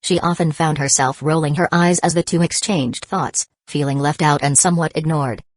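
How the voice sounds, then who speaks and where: A woman narrates an audiobook in a steady, even reading voice. Her pitch sits low for a woman. The sound is dry and close, with no room echo. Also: moderate pace. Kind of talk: scripted narration.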